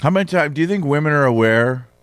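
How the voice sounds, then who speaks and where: A man guesting on a comedy podcast, trading crude jokes in a deadpan, matter-of-fact way. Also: a little high, quick pace, clear, resonant tone, no echo. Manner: deadpan, matter-of-fact about absurd lewd claims.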